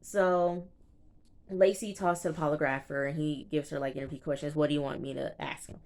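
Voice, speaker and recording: Young woman, low-pitched, casual reality TV recapper, chatty and animated. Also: fairly quick. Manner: chatty, animated retelling with quoted reactions. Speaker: TV show reviewer.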